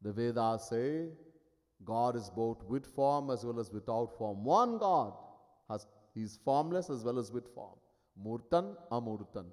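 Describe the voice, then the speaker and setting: A man's voice: medium pitch, animated, measured pace, darkish tone. A man giving a sermon as a spiritual teacher. He tells stories in an emphatic, wry way. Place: ashram hall. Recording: long hall reverb.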